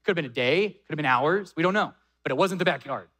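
Man preaching, high voice, bright tone, storytelling sermon, dramatic pauses. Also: expressive. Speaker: pastor.

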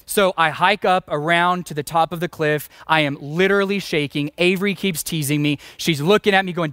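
Pastor guy in his 40s preaching, high voice, dry close sound, jokes on himself. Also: a little fast, few pauses, a bit bright, no echo. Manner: storytelling, self-mocking, emphatic. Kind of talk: sermon.

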